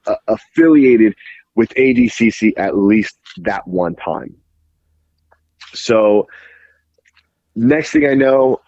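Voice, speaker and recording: A man guesting on a podcast, telling an animated story in casual speech full of "like" fillers and casual swearing. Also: lowish voice, highs cut off. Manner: animated, heavy "like" fillers, acts out quoted dialogue, swears casually. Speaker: podcast guest, jiu-jitsu referee.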